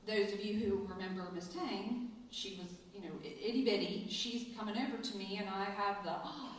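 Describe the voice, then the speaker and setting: A middle-aged woman, a school administrator, telling a personal story in a ceremony speech and acting out the quoted lines with lively voices. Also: mid-range voice, moderate pace, a little hiss or hum. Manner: storytelling, animated in quoted asides. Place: large echoey hall. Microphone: distant from the mic. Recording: echoey hall, voice from far off.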